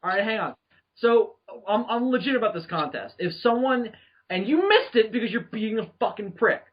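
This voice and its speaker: High-voiced joking man on lo-fi call. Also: moderate pace. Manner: joking, swears freely, excitable. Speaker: podcast host. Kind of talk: casual chat.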